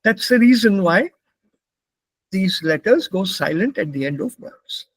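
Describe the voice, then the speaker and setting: A man's voice: high-pitched, animated, measured pace, no room sound. A middle-aged man, patiently explaining German pronunciation rules to a class step by step.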